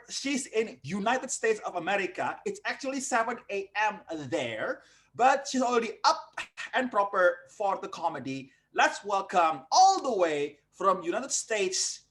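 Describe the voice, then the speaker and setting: A man hosting a comedy show, introducing the next open mic act in a showman-like way. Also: high-pitched. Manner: showman-like, builds up to a loud welcome. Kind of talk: emcee introduction.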